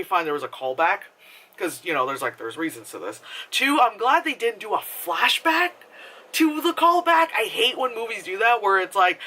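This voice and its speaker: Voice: mid-range voice, bright, forceful tone. A movie reviewer talking into a camera in a casual, rambling vlog review, swearing freely and laughing often. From United States.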